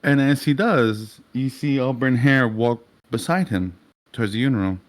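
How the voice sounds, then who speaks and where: A man's voice: mid-range voice, moderate pace. A young adult man narrating a tabletop game as game master, in a vivid, casual way with swearing.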